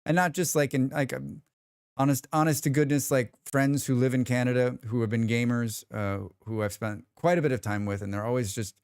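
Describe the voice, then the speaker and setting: A man's voice: mid-range voice, no echo, clean studio sound. A man with an American accent, chatting casually on a live stream, rambling and reading his chat aloud. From United States.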